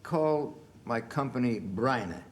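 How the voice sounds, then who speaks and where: A man in his sixties, a guest on a television talk show, telling animated anecdotes and laughing through the punchlines. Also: mid-range voice, a little slow, a little hiss or hum. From United States. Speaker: guest actor. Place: television studio.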